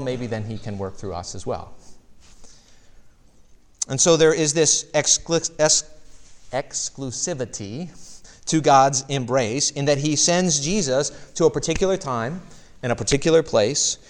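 A man preaching a sermon as pastor, lively and direct, with rhetorical questions and light asides to the congregation. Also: mid-range voice.

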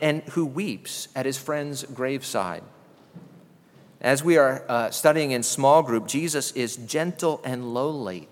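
A man's voice: mid-range voice, big-room sound. A male pastor preaching a sermon in an earnest, teaching manner, posing rhetorical questions and often restarting his words.

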